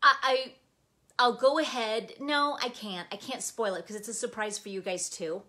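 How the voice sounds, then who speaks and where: A woman's voice: a little high, steady tone, normal speed, sharp tone. A middle-aged woman hosting a live stream, chatting in a bubbly, gushing way. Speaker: planner community host. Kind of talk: casual live-stream chat. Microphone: phone camera.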